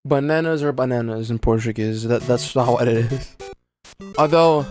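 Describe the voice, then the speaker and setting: A man's voice: medium pitch, normal speed, a little mellow, soft background music. A young man from Brazil, chatting casually on a speedrun stream in rambling, slangy speech and muttering at his own gameplay. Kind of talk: casual livestream chat while playing.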